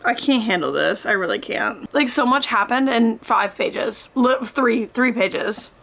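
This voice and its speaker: Excitable young woman reacting to a book. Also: fairly high pitch, measured pace, vocal fry. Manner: expressive, swears and laughs often. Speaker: book vlogger. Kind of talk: casual reading vlog. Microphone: camera close by.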